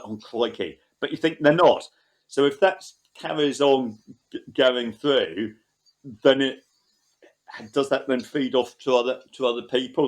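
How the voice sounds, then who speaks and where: Man, mid-pitched, chatty interviewee who rambles through anecdotes. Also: rough recording. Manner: rambling anecdotal storytelling, quoting people. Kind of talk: casual interview conversation.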